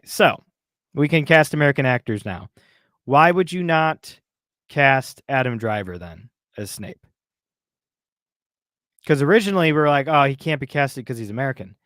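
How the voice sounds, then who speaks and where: A man's voice: medium pitch, fairly bright tone, no room sound, studio quality. A man co-hosting a casual podcast, ranting in a heated, exasperated way. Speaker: podcast co-host.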